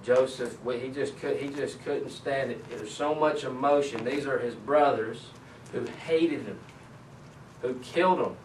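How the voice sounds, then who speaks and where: A man's voice: mid-range voice, measured pace. A man leading a Bible study, reading scripture aloud and then explaining it in a conversational way. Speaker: Bible teacher. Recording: echoey room, mic at a distance, faint ambient noise.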